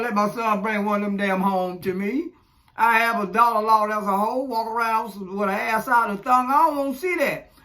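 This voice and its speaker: A man's voice: very high voice, pushed and bright. A man, ranting profanely in casual commentary, chuckling and rambling as he goes. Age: 40s. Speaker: social media commentator.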